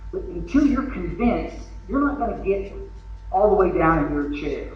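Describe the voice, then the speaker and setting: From the podium of a large convention hall, a man with a Texan accent keeps his recovery talk folksy and full of jokes and acted asides. He speaks at a moderate pace in a high, animated voice. It's recorded from far away, echoey and lo-fi, with a faint hiss or hum.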